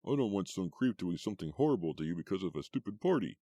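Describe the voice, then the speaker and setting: A man voicing a nervous teenage boyfriend in an audiobook, speaking a bit higher and louder than his own voice. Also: sing-song, fast, no room sound, studio quality. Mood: worried.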